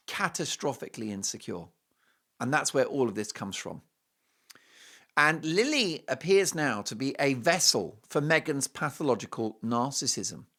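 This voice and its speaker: A man hosts a commentary show and delivers a monologue of opinion. He talks in a scornful, sarcastic way and leans hard on his points. His pitch swings widely, and his tone is bright and forceful. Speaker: host.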